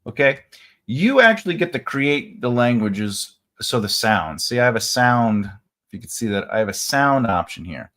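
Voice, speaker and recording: A man's voice: mid-range voice, sing-song, moderate pace, bright, forceful tone. A man from the United States giving a casual, rambling live writing lesson, full of fillers and restarts. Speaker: writing teacher.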